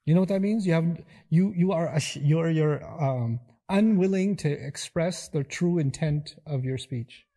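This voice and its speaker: A man giving a lecture, animated and acting out little dialogues in quoted voices. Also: on the high side, a little slow, hardly any pauses, slightly rough. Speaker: speaker giving a talk. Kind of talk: lecture on scripture.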